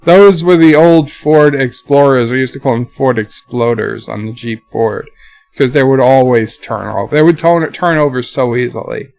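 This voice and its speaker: A man hosting a casual livestream, reading viewers' chat aloud in a lifted voice and answering it in a low, offhand mutter. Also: normal speed, gravelly, a little mellow.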